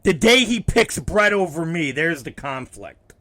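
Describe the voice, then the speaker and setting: On his own podcast, a man swears often while casually retelling conversations, performing each side himself. His voice is on the high side, animated, pushed and bright, and a little slow. The recording is dry.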